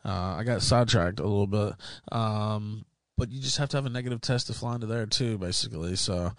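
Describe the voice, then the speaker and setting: A man's voice: fairly low pitch, fairly quick, dry recording. A man hosting a podcast, telling a travel story in a rambling, profane way with many fillers. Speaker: podcast host. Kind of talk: casual chat.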